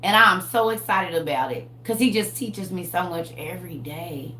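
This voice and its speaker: Lively woman in her forties, roomy echo. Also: on the low side, moderate pace, slight background noise. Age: 40s. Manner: animated, laughing, addresses viewers as y'all. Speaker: vlogger sharing faith. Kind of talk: casual spoken preaching to viewers.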